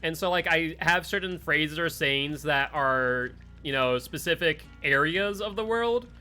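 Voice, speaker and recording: A man streaming a game live, chatting casually with his friends and chat, full of "like" and quick asides. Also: fairly high pitch, bright, forceful tone, faint music behind. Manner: chatty, filler-heavy, talks to chat and friends.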